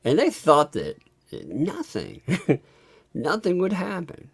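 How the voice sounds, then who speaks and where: A man's voice: takes it slowly, gravelly, slightly rough. A man hosting a casual live stream, commenting and chuckling often as he talks. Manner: chuckles often through his talk; animated, swinging up and down in pitch.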